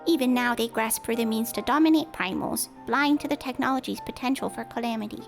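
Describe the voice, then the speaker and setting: A woman's voice: a little high, fairly quick, gravelly, faint music behind, pitched above the performer's own voice. A woman reading the lines of an aloof, secretive masked young man in a grave, formal, old-fashioned way. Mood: solemn.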